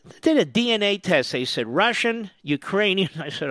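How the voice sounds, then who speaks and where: Sarcastic high-pitched radio host man. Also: sing-song, normal speed, fairly bright tone, no room sound. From US East Coast. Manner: sarcastic, mocking, combative. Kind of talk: opinionated talk radio monologue.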